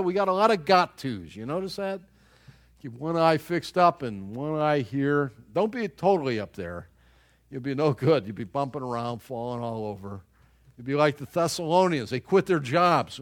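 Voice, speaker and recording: A man's voice: fairly high pitch, lively intonation, moderate pace. A middle-aged man preaching a sermon as pastor, folksy and joking with the congregation by name.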